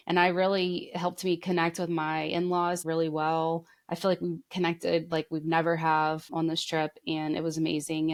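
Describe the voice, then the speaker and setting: A young woman co-hosting a podcast, telling long heartfelt stories in casual chat, full of fillers. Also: lowish voice. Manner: rambling, heartfelt storytelling with many fillers. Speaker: podcast co-host.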